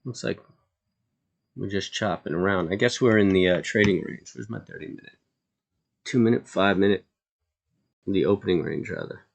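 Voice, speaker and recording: A man's voice: deep voice, moderate pace, gravelly, pauses often. A man hosting a live trading stream, talking casually to viewers in a rambling way with lots of ums and uhs. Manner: laid-back, chatty asides to viewers.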